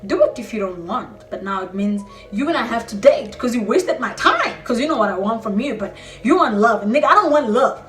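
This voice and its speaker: A woman voicing a pushy, crude male taxi driver with a South African accent, in a low, flat mutter. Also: a little fast, few pauses. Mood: blunt. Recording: roomy echo, distant mic, faint music.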